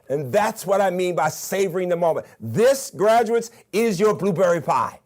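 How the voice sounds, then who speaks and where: A man's voice: high-pitched, lively intonation, normal speed, hardly any pauses, darkish tone. An older man from Birmingham with a Southern accent, giving a recorded commencement address to graduates in an emphatic, enthusiastic way and counting off his points. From Birmingham, Alabama. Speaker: commencement speaker, university president.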